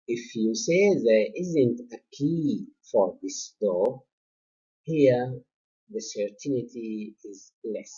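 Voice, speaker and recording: A male university lecturer with a Sudanese accent, Arabic-speaking by birth, explaining grammar in a recorded lecture, slow and halting with many fillers and repeated points. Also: fairly low pitch, warm tone, breathy edge, lo-fi sound.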